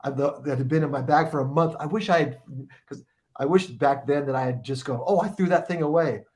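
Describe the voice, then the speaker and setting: A man's voice: on the high side, fairly quick, a little mellow. A middle-aged man telling a long, profane story in a casual podcast chat, rambling and restarting his sentences often. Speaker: guest musician telling a tour story.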